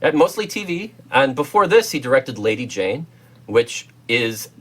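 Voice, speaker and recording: A man's voice: mid-range voice, big pitch swings, moderate pace, a bit bright, slightly rough. A man with an American accent reviewing a film as co-host, enthusiastic and rambling with lots of fillers and restarts. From United States. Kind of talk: casual film review chat.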